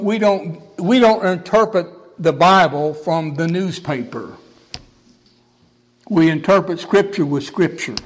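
A man's voice: on the high side, long reverb tail, poor audio. A man pastor preaching a sermon, stressing points with emphatic repetition.

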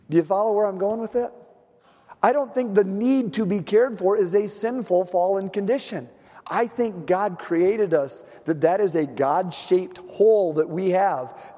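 Man, pastor, sermon, animated storytelling, high voice, long church reverb. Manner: animated storytelling, acting out the scenes.

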